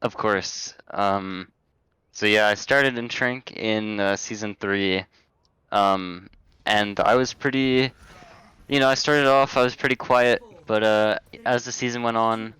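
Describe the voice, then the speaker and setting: A man's voice: mid-range voice, fairly bright tone, smooth, no echo, poor audio. A man speaking as a guest, telling his story in an easygoing way. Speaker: guest, moderator. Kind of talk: casual interview.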